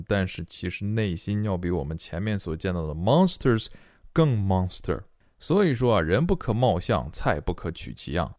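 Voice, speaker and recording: Animated Chinese man teaching English. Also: low voice, dry recording, clean studio sound. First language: Mandarin. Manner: animated, playful explaining. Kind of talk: bilingual reading class.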